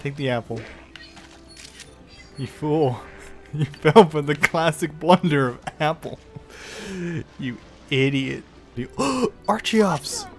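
Excitable man swearing through game commentary. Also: fairly high pitch. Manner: excitable, swears often, taunts the creatures. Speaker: gaming YouTuber. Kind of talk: let's play commentary.

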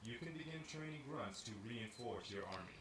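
A man voicing a gruff orc war chief and tutorial adviser in a game, commanding and instructive. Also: mid-range voice, animated, fairly quick, a bit bright, natural voice. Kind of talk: game voice acting.

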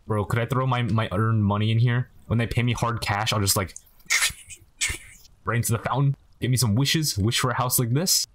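This gaming commentator is a young man whose medium-pitched voice stays fairly even at a normal speed, with a little hiss or hum in the background. He jokes casually through a let's-play, chatting with the on-screen characters.

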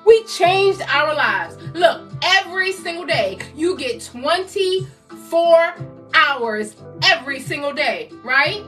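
A woman in her fifties from the United States, a motivational speaker giving a loud, exhorting live-stream talk that keeps repeating rallying phrases. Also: high voice, animated, slow, distant mic, faint music behind. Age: 50s.

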